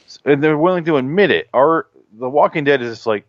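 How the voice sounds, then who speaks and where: A man hosting a podcast, telling stories in casual chat, animated and full of swearing. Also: a little high, fast, no echo. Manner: profane, animated storyteller. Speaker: podcast host. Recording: dull lo-fi podcast audio.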